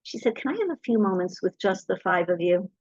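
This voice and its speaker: Performing the quoted voices of people from her stories, a middle-aged woman delivers a lively anecdotal talk to an audience. She has a medium-pitched voice and a brisk pace, captured in dull audio with no room sound.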